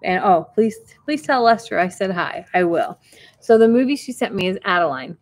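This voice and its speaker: A woman hosting a casual vlog, opening mail from viewers and talking warmly and emotionally, close to tears at times. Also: mid-range voice, lively intonation, moderate pace, dry recording. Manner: chatty and emotional, near tears.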